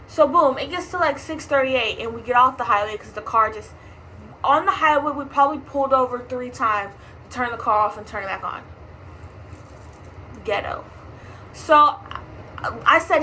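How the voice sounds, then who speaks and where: A young woman rants through a storytime, exasperated and swearing freely. Her voice sits high and sounds bright and sharp. She talks casually, like a hospital tech venting after a shift. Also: slight background noise, rough recording. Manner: exasperated, profane, fast ranting. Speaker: emergency department tech.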